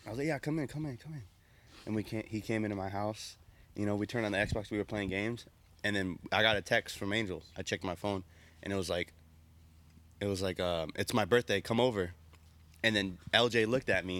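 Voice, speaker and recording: A young man with a fairly low voice tells a story among friends. He talks in a relaxed, animated way and acts out what everyone said. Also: a little fast. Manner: animated, acts out quoted dialogue. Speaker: podcast co-host.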